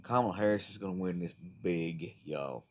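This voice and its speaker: A man's voice: deep voice, moderate pace, a little hiss or hum. A man delivering a profane, fired-up, rambling political rant to the camera. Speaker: vlogger.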